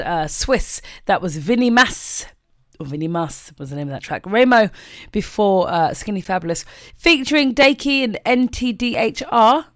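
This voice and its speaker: A woman's voice: on the low side, no echo, clean studio sound. A woman presenting on the radio, chatting casually between tracks, self-mocking and trailing off with fillers.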